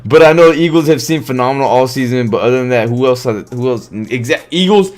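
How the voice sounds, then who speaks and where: Animated man talking football on stream. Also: medium pitch, normal speed, few pauses. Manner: animated, swears, reads chat comments aloud. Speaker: live stream host. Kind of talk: casual sports talk on a live stream.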